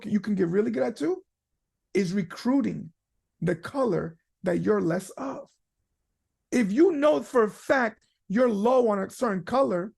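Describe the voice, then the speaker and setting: A man giving a casual webinar training talk from home, animated, slipping into character voices and leaning on fillers and restarts. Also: high-pitched, vocal fry, slightly rough. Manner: animated, acts out quoted people in character voices. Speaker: business trainer.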